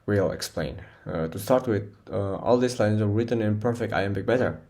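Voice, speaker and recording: A man, a non-native English speaker, presenting a poem analysis for class, halting often with fillers and restarts. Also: fairly low pitch, warm tone. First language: Indonesian. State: short of breath.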